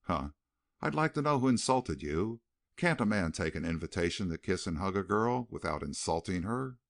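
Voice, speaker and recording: A man's voice: sits low, expressive, moderate pace, gravelly. A man voicing a burly, coarse cowboy ruffian who talks in a genial, leering drawl.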